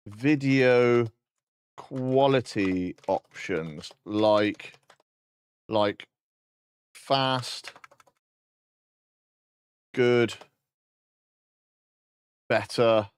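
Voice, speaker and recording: A man chatting casually on a live stream while coding, joking, swearing and dictating instructions slowly. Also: medium pitch.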